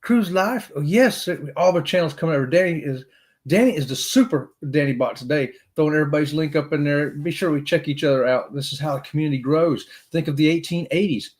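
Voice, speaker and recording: A middle-aged man with a slightly high-pitched voice hosts a relaxed live chat. He talks in a folksy, upbeat way and keeps greeting viewers with "y'all.". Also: fast. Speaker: livestream host. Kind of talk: casual live chat reading comments.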